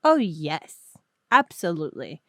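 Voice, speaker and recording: A woman co-hosting a podcast chats casually and chimes in with quick reactions. Her pitch swings widely through the talk. The mic is close and dry. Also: very animated, pushed and bright, no echo. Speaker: podcast co-host. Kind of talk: casual chat.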